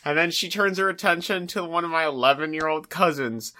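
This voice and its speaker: A man's voice: fairly high pitch, fairly quick. A man co-hosting a podcast, telling a story in casual chat, saying "like" often and acting out what people said. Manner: animated storyteller, heavy use of "like", acts out quoted people. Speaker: podcast co-host.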